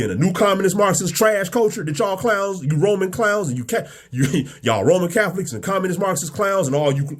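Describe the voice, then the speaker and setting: A man giving a live-streamed rant in a mocking, combative way, laughing between phrases and repeating himself often. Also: mid-range voice. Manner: repeats "you know what I'm saying" often. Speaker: online commentator. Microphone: remote live stream.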